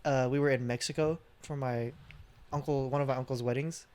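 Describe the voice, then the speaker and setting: A young man chatting casually as a podcast co-host. He tells stories with animation and jumps into the voices of the people in them, speaking at a middle pitch. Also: a little fast. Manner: animated storyteller, acts out quoted voices. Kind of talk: casual chat, storytelling.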